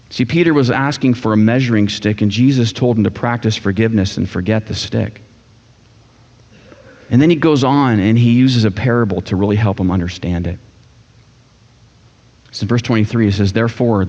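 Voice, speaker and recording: A man's voice: mid-range voice, normal speed. Guy preaching, jokey and laid back, dull sound, big echoey church. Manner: casual, joking preacher voicing characters. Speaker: pastor. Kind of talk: sermon. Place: church sanctuary.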